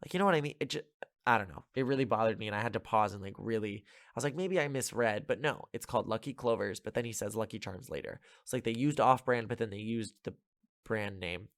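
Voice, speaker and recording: A man's voice: on the low side, fast, fairly bright tone, dry recording, studio quality. A man hosting a podcast, casually recapping a movie plot in a rambling, filler-heavy way with sarcastic asides. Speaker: podcast host.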